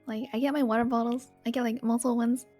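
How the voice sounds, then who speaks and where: A woman's voice: a little high, level tone, fast, mellow, faint music behind. A woman chatting as a guest on a live stream, giggly and hesitant with frequent "um"s. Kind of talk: casual chat.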